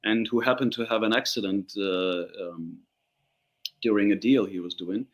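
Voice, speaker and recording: Speaking at a normal speed in a voice on the low side, a Turkish-native actor tells stories during a relaxed interview. He's an animated storyteller who performs the quoted voices of the people he describes.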